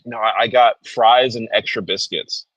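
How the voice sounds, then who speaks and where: Man, New Jersey accent, lively storytelling, dry dull sound. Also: fairly low pitch, normal speed, dry recording. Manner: animated, acts out quoted people. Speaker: guest comic creator. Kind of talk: casual storytelling.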